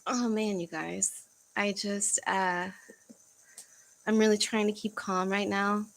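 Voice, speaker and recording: Young woman, casual home livestream host, halting delivery with fillers and sighs. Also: medium pitch, fairly even intonation, creaky, a bit bright, rough recording. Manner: halting, searching for words, frequent fillers and sighs. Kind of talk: casual livestream chat reading comments.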